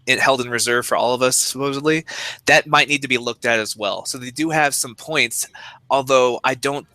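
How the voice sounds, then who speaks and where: A man co-hosting a podcast in casual chat, speaking in a measured, reflective way. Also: mid-range voice, steady tone, bright, forceful tone, dry recording, rough recording. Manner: measured and reflective, weighs both sides. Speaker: podcast co-host.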